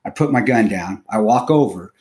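A man's voice: on the low side, lively intonation, darkish tone. Profane man telling a war story. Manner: profane, halting, emotional storytelling. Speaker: podcast co-host, former contractor. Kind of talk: casual storytelling.

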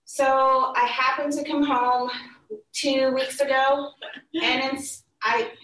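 A woman telling a personal story in casual chat, animated and acting out the people she quotes. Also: high voice, slow. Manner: animated, acts out quoted voices, laughs through tears. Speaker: podcast guest telling a story. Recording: echoey room, mic at a distance.

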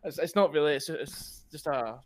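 A man's voice: a little high, normal speed. A young Scottish man from Glasgow, co-hosting a podcast in casual chat, hesitant and repeating himself, laughing often. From Glasgow, Scotland. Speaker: podcast co-host.

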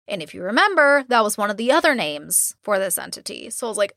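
A woman's voice: medium pitch, big pitch swings, fast talker, hardly any pauses, pushed and bright, dry recording, clean studio sound. A woman podcast host casually retelling a haunted-house episode, acting out quotes and swearing freely. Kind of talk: casual storytelling chat.

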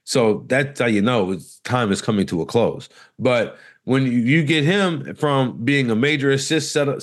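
Joking man in his thirties talking basketball. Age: 30s. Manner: rambling, joking, many restarts, dips low for asides. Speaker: podcast co-host. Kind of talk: casual sports chat.

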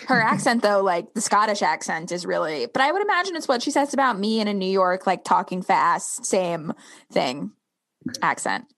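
Animated, teasing woman co-host. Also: medium pitch, moderate pace. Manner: animated, teasing, rambling asides. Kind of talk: casual podcast chat.

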